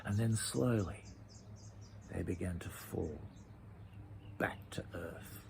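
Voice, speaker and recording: A man reading a children's story aloud, chatty, with asides and hushed passages. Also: sits low, takes it slowly, gravelly, slight background noise.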